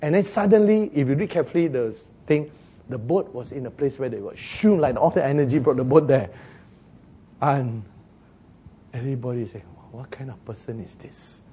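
A pastor delivers a sermon at normal speed in a medium-pitched, slightly breathy voice. He tells the story with animation, performing the voices he quotes and chuckling at his own jokes.

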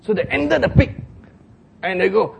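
A man preaching a sermon, telling a story with jokes, acted shouts and laughter. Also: high-pitched, lively intonation, normal speed, gravelly, heavy background noise.

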